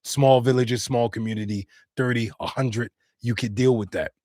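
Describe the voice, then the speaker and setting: A man's voice: mid-range voice, steady tone, normal speed, warm tone, no echo. Man, live streamer, slangy, earnest, mid-range voice, dry close sound. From United States. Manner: earnest, slangy, talks straight to chat. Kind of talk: casual live-stream talk.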